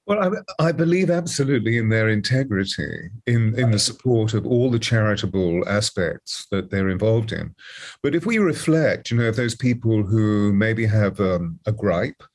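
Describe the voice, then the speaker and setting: Low-voiced, meandering male commentator. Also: lively intonation, moderate pace. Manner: expansive and meandering, with many fillers and restarts. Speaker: guest co-host and royal commentator. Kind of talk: casual commentary.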